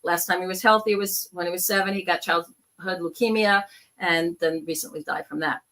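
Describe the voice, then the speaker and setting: A woman speaks in a bright, forceful voice as she tells her stories. She acts out the people in them as she goes, in a casual, chatty way. She sounds like a guest on a video call. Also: on the low side, fairly even intonation, brisk. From New York. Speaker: guest, psychic medium. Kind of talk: casual storytelling interview.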